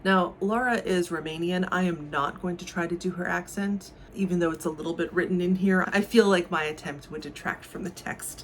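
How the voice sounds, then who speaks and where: A woman with a low voice hosting a book channel, chatting in a wry, conversational way and sometimes dropping into a sarcastic aside. She reads passages aloud in a relaxed manner over a faint background hiss. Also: a little fast, hardly any pauses. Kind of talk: casual book talk and reading aloud.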